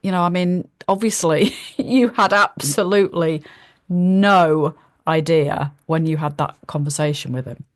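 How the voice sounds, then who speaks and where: A woman hosts an interview podcast, speaking in a measured, encouraging manner. Her voice is lowish for a woman, and the recording is dry and close. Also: dry recording. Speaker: podcast host.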